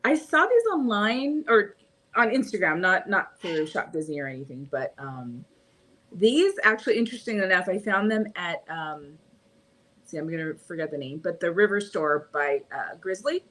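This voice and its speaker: A woman's voice: on the low side, animated, moderate pace, a bit bright. A woman with a Californian accent, chatting casually as a podcast co-host, rambling and laughing often. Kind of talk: casual chat.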